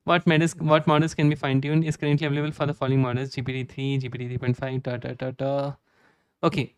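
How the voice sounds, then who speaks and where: A young man with an Indian accent streaming live code, reading documentation aloud and thinking out loud with many "okay"s. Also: mid-range voice, level tone, quick pace, clear, resonant tone, no echo. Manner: reads docs aloud, frequent "okay" fillers.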